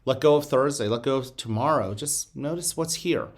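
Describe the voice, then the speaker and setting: Man, school principal, morning announcements, gentle guided breathing, encouraging, speaks to kids. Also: mid-range voice, normal speed. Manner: encouraging, addresses children directly.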